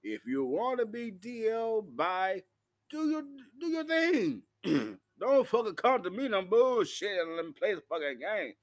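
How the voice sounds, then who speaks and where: A man's voice: high voice, sing-song, measured pace. A man, rambling profanely through a live-stream monologue while intoxicated. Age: 40s. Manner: profane, rowdy, loose storytelling.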